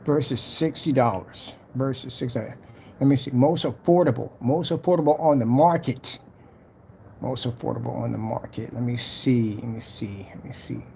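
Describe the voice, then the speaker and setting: A creaky, dark-toned voice at medium pitch and normal speed, with slight background noise. The man owns a small business and talks casually over a screen recording while designing an ad for his product, boasting, hyping it, knocking rivals, and muttering and whispering to himself throughout.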